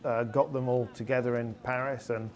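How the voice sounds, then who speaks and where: A man's voice: mid-range voice, flat delivery, moderate pace, a little mellow. A man on a rally panel, telling long anecdotes in casual chat, full of fillers and restarts. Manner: rambling anecdotal storytelling with fillers. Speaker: rally pundit.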